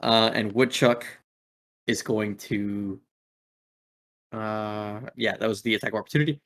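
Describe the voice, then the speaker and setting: A man's voice: on the low side, steady tone, unhurried, a bit bright. A man narrating as game master in a laid-back way, with many filler words.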